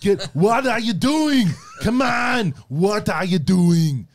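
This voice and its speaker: A man's voice: high-pitched, animated, slow, background noise, pitched above the performer's own voice, heavily acted. A man doing an impression of a famous bodybuilder actor screaming and cursing at a film crew in a thick put-on accent. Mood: ranting.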